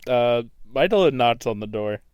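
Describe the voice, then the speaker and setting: A man's voice: medium pitch, lively intonation, darkish tone, clear, resonant tone, no echo, studio quality. A man playing a tabletop role-playing game, speaking hesitantly with many restarts. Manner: hesitant, halting. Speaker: player.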